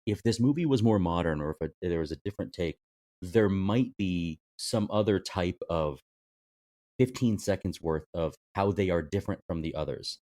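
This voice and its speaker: A man's voice: deep voice, normal speed, warm tone, no echo. A man co-hosting a film podcast, talking casually with frequent hesitations and restarts. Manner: hesitant, many restarts, laughs easily. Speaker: podcast co-host.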